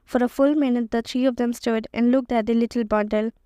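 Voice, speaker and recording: A woman narrating an audiobook in a steady, even reading voice. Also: on the high side, brisk, smooth, dry recording. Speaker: audiobook reader.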